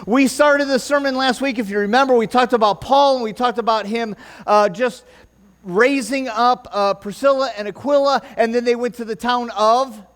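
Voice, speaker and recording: Pastor guy, kinda high voice, jokey with the church crowd, trips over his notes. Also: moderate pace, a bit bright. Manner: joking, chatty with the congregation. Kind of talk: sermon.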